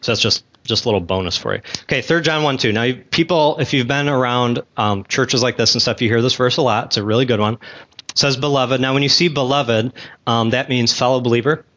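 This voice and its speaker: Man, church class teacher, conversational with asides and questions, gum in his mouth, mid-pitched, somewhat muffled recording. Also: fairly quick, a bit bright. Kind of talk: casual Bible teaching to a class.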